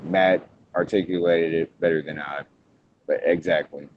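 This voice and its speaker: A man hosting a casual wrestling podcast, talking in halting bursts with frequent restarts. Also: sits low, steady tone, slight background noise. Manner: halting, restarts often, hedges before points. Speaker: podcast host. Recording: muffled lo-fi podcast audio.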